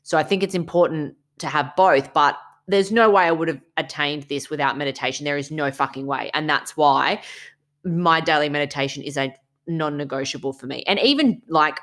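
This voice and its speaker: A young woman with a low voice, co-hosting a casual podcast chat. She talks bluntly and with emphasis, dropping swear words freely. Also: moderate pace, fairly bright tone. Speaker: podcast co-host.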